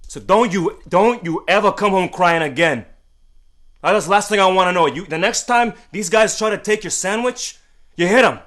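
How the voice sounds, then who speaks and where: A man voicing a stern, angry father who scolds his son in loud, hammering, repeated orders. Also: high-pitched, normal speed, voice pushed up. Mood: furious. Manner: shouting, hammering, repetitive orders.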